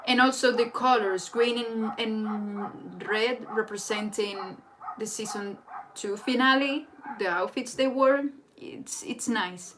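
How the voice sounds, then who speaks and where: A young woman, a native Spanish speaker, hosting a casual live chat in an excitable, rambling way. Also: on the high side, slow pace, background noise. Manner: excitable and rambling, with frequent restarts. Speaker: livestream host. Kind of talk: casual live chat reading viewer comments.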